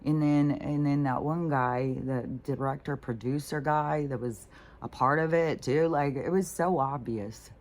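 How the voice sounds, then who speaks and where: A woman's voice: low-pitched, measured pace, a little mellow. A middle-aged woman talking casually and bluntly, rambling with lots of fillers and swearing. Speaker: spiritual vlogger.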